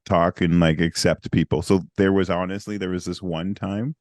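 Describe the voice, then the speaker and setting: Podcast co-host, male, very low voice, dry close sound, lively storyteller who acts out the people in his stories. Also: moderate pace, no room sound. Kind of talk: casual storytelling.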